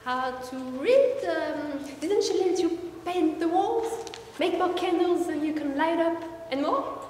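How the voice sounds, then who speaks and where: Sly lady lawyer played by a woman, lots of ums, theatrical, animated, distant with long reverb. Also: very high voice, unhurried. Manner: hesitant with many fillers, theatrical, giggly. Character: rambling, sly female defense lawyer. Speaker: defense lawyer. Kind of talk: amateur school stage play. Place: school theater stage. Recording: echoey hall, far from mic, faint noise.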